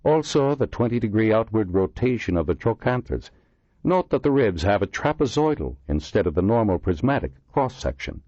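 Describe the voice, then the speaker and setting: A man voicing a soft-spoken, impassive male medical examiner in his sixties with a Dublin accent, in an audiobook reading. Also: lowish voice, no room sound, pitched above the performer's own voice. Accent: Dublin Irish. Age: 60s. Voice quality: soft, precise. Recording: dull lo-fi dry recording.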